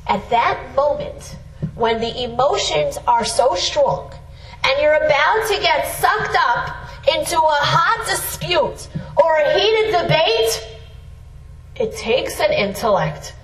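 A middle-aged woman giving an earnest, emphatic Torah lesson. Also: high-pitched. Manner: earnest, emphatic, with rising exclamations. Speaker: Torah teacher. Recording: roomy sound from a distant mic.

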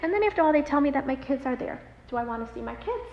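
A high-voiced woman rattles off a personal story aloud in a hall, animated and full of fillers, acting out the voices she quotes. The recording has a roomy hall's long reverb, a dull lo-fi sound and faint noise.

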